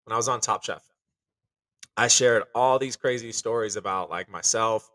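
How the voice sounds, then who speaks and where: A man with a bright, forceful voice talks in an earnest, reflective way, dotted with fillers. His voice sits a little low. It is recorded dry but slightly off the microphone. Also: normal speed, dry recording, distant mic, low-quality recording. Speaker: chef. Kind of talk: candid podcast conversation.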